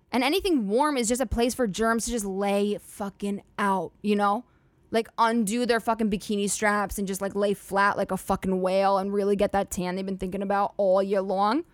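A woman's voice: mid-range voice, no room sound. A woman hosting a solo comedy podcast, rambling and swearing freely with lots of "like" fillers. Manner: profane, rambling, filler-heavy "like" talk. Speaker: podcast host.

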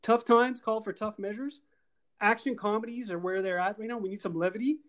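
Middle-aged man, casual movie chat, rapid-fire delivery, fillers and asides. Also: sits high. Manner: animated, talks in quick bursts with many fillers and asides. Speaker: podcast co-host.

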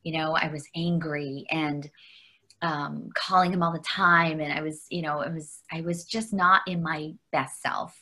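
A Canadian woman, a guest in an interview, candidly tells a personal story, halting with fillers and restarts and laughing often. Her voice is deep and steady, yet bright and forceful.

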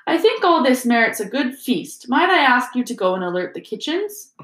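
A woman voicing a kindly old male wizard headmaster who speaks gently and calmly, in a roomy echoing recording. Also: fairly high pitch, moderate pace, voice pushed up. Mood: wry. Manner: gentle, calm, softly twinkling. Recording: roomy echo.

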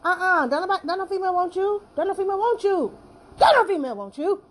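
A woman putting on a shrill, sassy voice that taunts a man. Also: sing-song, normal speed. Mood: mocking. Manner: shrill, taunting, sing-song.

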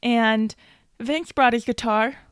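A woman's voice: a little high, steady tone, slow pace, clear, resonant tone, no room sound, clean studio sound. A young woman co-hosting a podcast, telling a story in casual chat, acting out quotes and laughing often. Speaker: podcast co-host.

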